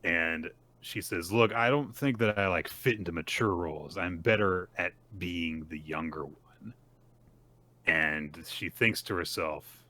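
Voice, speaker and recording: A man's voice: low-pitched, a little slow, pushed and bright, a little hiss or hum. A man co-hosting a casual manga recap podcast, retelling scenes and acting out the characters' lines. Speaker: podcast co-host.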